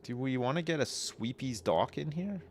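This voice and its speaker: A man streaming a game live, chatting casually and thinking aloud, with frequent fillers and quick excited reactions. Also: mid-range voice, a little hiss or hum. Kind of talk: casual gameplay commentary.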